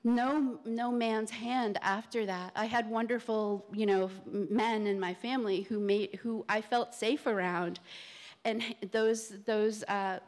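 A woman telling a personal story live on a theater stage, halting and searching for her words. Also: fairly high pitch, fairly even intonation, darkish tone.

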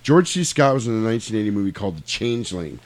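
A slightly tipsy podcast host chats loosely, talking very fast in a lowish, sing-song voice. The casual talk is rambling and profane, full of free cursing.

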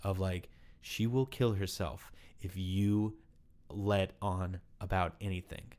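Male actor, lowish voice, candid, rambling, lots of "like", interview storytelling. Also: fairly even intonation, slow pace, darkish tone. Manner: candid, rambling with many "like" fillers.

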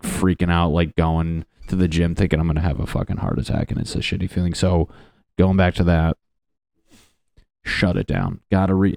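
A young man with a low, deep voice talks to his viewers in a loose, rambling way. He swears a lot and makes fun of himself. The sound is dry and close, with no room echo. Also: darkish tone, clear, resonant tone. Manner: rambling, profane, self-deprecating. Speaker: vlogger. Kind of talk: casual personal talk to camera.

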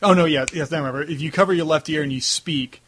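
A man's voice: fairly high pitch, fast talker, a bit bright, breathy edge. A man with a Long Island accent hosting an interview, easygoing and chatty, laughing along. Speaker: podcast host. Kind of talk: casual interview chat.

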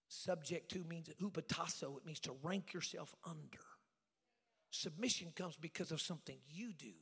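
Male revival evangelist, high husky voice, fiery to whispered, folksy; church hall reverb. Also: moderate pace. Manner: fiery, swinging from loud shouts to hushed near-whispers; folksy, joking asides. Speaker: evangelist preacher. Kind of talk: revival sermon. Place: church sanctuary. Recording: long hall reverb with faint music.

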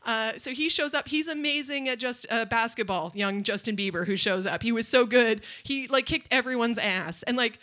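A woman with a high, bright voice, telling a comic story on stage at a live storytelling night. She rambles and mocks herself, and she turns aside to chat with the crowd. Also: moderate pace, hardly any pauses. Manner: rambling, self-mocking, with chatty asides to the crowd.

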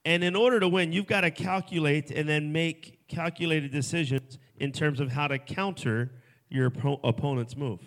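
A man preaching a sermon at a festival, swinging from hushed, soft lines to loud, emphatic ones. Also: a little high, steady tone, moderate pace. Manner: dynamic, swings from hushed to shouting. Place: festival stage before a crowd.

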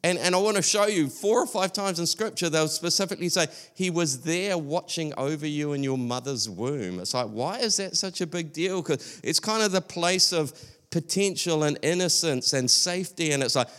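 Earnest, slightly high-voiced man preaching. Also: fairly quick, a bit bright. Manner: earnest and conversational, with frequent restarts. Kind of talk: sermon.

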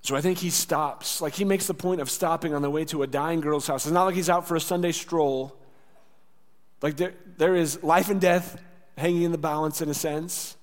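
Guy preaching a sermon, chatty, acts out the quotes, kinda high voice, big echoey church. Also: steady tone, moderate pace. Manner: conversational, acts out quoted lines, drops soft for tender words. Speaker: pastor. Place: church sanctuary. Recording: church hall with long reverb.

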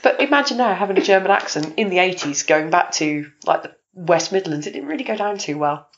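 Chatty woman guest with a lower voice. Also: lively intonation, a little fast, dull audio. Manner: rambling storyteller, many ums. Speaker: podcast guest. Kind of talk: casual interview chat.

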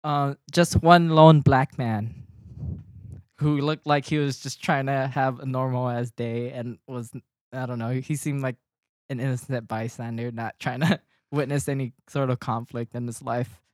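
Brief: storytelling podcast guy, animated and profane, mid pitch, dry close sound. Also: measured pace, dry recording. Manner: animated, swearing, laughs often, gets loud when worked up. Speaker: podcast co-host telling a story. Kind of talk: casual chat.

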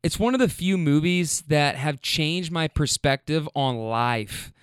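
A man's voice: a little high, expressive, clean tone, dry recording, clean studio sound. A man quoting an upset, rambling young woman. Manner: halting, sniffly, repeats herself.

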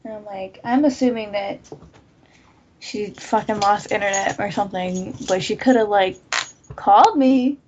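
A woman's voice: mid-range voice, a little slow, noisy background. A woman telling stories in a casual group chat, swearing freely and filling her talk with "like". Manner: profane, animated storytelling with lots of "like". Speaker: podcast host. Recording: lo-fi muffled recording.

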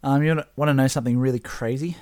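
A man co-hosting a podcast in a relaxed, conversational way. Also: mid-range voice, very fast. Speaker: podcast co-host. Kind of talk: casual whisky podcast chat.

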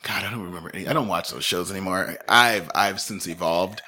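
A man in his thirties co-hosting a casual chat show, animated and jokey, laughing often. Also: low voice, a little fast, husky. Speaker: podcast co-host.

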